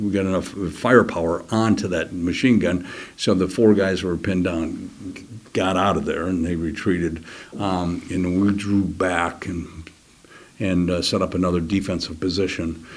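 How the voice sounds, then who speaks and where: Older man, husky and low-pitched, interview guest recounting combat, halting delivery. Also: a little mellow. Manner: halting, many restarts, drops to a near whisper at key moments; acts out other soldiers' words in quick quoted voices. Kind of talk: personal war story told in an interview.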